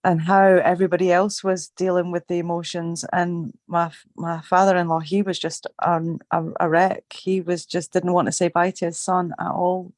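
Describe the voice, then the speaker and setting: A middle-aged woman from Scotland with a Scottish accent softened by a slight Australian twang, chatting in an upbeat way and swearing casually. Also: lowish voice, flat delivery, moderate pace, few pauses, dry recording, clean studio sound. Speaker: group call participant. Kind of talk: casual chat.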